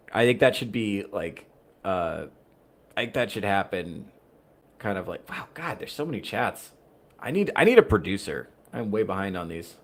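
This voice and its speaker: Low-voiced rambling man chatting to his stream. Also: a bit bright. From United States. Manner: rambling, profane, wry. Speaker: podcast host reading chat. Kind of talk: casual livestream chat.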